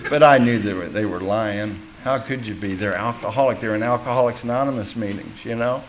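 A medium-pitched man gives his personal testimony at a recovery meeting, captured in a low-quality recording with a little hiss or hum. Candid and self-mocking, he tells his story and acts out the people he quotes.

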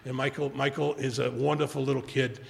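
A man telling his recovery story to a large audience, rambling with many restarts, speaking quietly and rising when he urges the crowd. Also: mid-range voice, level tone, fairly quick, slight background noise. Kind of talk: personal testimony talk. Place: large hall before an audience. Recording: long hall reverb, gravelly.

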